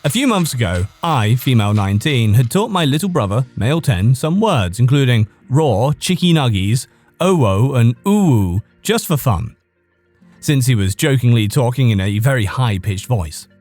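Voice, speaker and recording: Lively, animated male podcast narrator. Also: mid-range voice, normal speed, faint music behind. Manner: reads casually, breaks into laughter and stumbles over words. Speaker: podcast host reading stories. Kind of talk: casual read-aloud narration of online posts.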